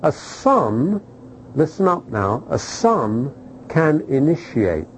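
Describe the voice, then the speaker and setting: A middle-aged man preaching a sermon, animated, throwing rhetorical questions at the congregation and checking in with "okay?". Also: fairly high pitch, slow, slight background noise, low-quality recording.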